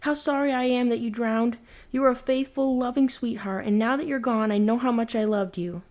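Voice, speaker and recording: A woman's voice: a little high, steady tone, a little fast, darkish tone, voice pushed up, natural voice. A woman voicing a kind-hearted, earnest youngest brother in a bedtime storybook reading, speaking tenderly and sincerely. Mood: grieving.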